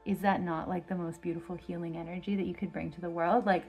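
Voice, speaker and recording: A woman's voice: fairly low pitch, flat delivery, quick pace, a little mellow, breathy edge, soft background music. A woman giving a casual pick-a-card tarot reading, rambling with constant fillers and gushing with enthusiasm. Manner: effusive and enthusiastic. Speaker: tarot reader.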